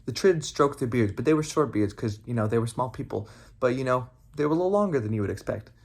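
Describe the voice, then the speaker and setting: A young adult man, a camp counselor, telling a campfire story with sound effects and shouts. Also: mid-range voice, expressive, quick pace.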